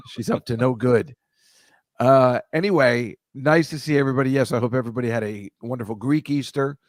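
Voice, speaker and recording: A man's voice: lowish voice, no echo. Middle-aged male podcast host, chatty and rambling, joking with the chat, dry close sound. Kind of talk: casual livestream chat with viewers.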